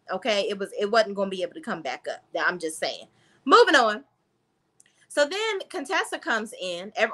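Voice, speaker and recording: A woman's voice: mid-range voice, bright, forceful tone. A woman reviewing a reality TV episode in a blunt, sassy, casual recap style, talking straight to her viewers.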